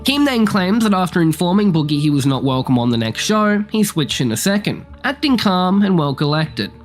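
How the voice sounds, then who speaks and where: A man's voice: high voice, normal speed. Brief: male narrator, scripted recap voice-over, faint music bed. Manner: even, explanatory voice-over.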